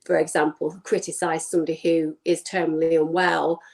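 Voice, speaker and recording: A woman with a fairly low voice answers as a psychologist guest. She speaks fluently and articulately, leaning on repeated words for emphasis. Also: little pitch movement, fairly quick, creaky, a little mellow, rough recording. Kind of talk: conversational interview.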